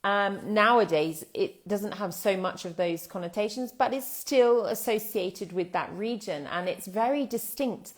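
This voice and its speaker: A woman from England gives a live English lesson, her voice sitting a little on the low side. She explains things patiently and thoughtfully, pausing with fillers and restarting her sentences. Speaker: English teacher.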